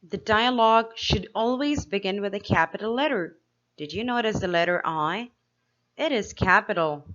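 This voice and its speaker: A woman teacher giving a slow, clear grammar lesson to young pupils, asking them questions as she explains each step. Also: medium pitch, a bit bright, lo-fi sound. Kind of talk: grade-school grammar lesson.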